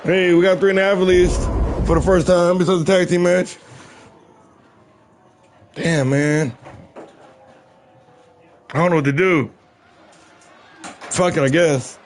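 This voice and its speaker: A man calling a wrestling video game live on stream, shouting the big moves and breaking off into profane asides to his viewers. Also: high voice, slow, long pauses, slight background noise. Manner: excitable play-by-play with shouted calls and profane asides. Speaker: stream host and play-by-play commentator.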